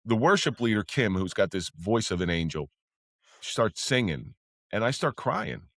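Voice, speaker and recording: A former police officer talks as a podcast guest in a low voice with a dry, close sound and no room around it. He tells his stories plainly and candidly, with swearing, and his pitch leaps upward whenever he gets excited. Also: moderate pace, no echo. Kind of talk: casual storytelling.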